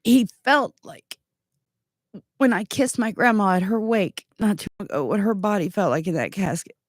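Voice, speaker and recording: Thirties woman, earnest and animated, telling a personal story; medium pitch, dry recording. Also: moderate pace, no echo. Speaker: guest giving testimony. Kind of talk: emotional personal testimony.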